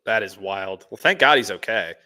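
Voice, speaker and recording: A man's voice: lowish voice, animated, moderate pace, pushed and bright. A Texan man co-hosting casual sports talk, eager and stammering, often saying "man" and "dude". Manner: enthusiastic, stammers and restarts, says "man" and "dude". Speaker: sports talk show co-host.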